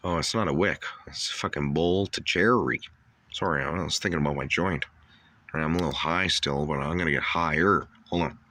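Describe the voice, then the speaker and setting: A man hosting a comedy skit, high on cannabis and ranting in a rambling, profane way with loud outbursts. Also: a little fast, no echo. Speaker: host. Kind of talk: stoned comedy rant.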